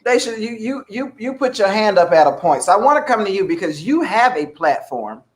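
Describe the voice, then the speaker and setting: A woman steering a relaxed group conversation in an easy, conversational way. She often turns questions back to the others and keeps the talk moving. Her voice sits at a middling pitch. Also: fairly quick. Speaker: discussion moderator. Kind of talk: casual panel discussion.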